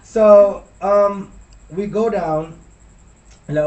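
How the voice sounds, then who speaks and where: Young man from Laredo, rambling and profane, a high voice; distant mic with faint hiss. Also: unhurried, a little mellow, reverberant. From Laredo, Texas. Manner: rambling, profane, trails off into mumbles. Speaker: podcast co-host telling a story. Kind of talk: casual storytelling.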